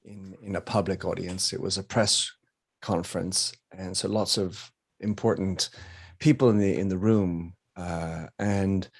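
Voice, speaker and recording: A man's voice: sits low, steady tone, a little slow, gravelly, slightly rough. A man hosting a podcast interview, talking conversationally and sharing a personal anecdote. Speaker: podcast host.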